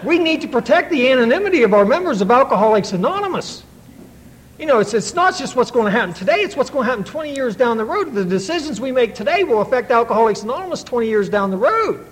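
A middle-aged man recounts his own story at a recovery meeting, fast and sing-song in a very high voice. Earnest and folksy, he restarts often, captured on a rough recording.

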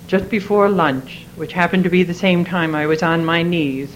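A woman's voice: on the low side, moderate pace, slight background noise, poor audio. A middle-aged woman giving a heartfelt personal testimony at a recovery meeting. She tells her story earnestly and repeats phrases as she goes.

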